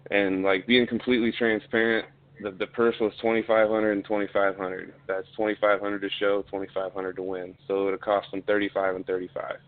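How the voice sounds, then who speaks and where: A man's voice: on the low side, little pitch movement, a little fast, slight background noise. A man telling a story in a casual, blunt way, swearing often and getting heated. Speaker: podcast guest, fighter. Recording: tinny phone-like line.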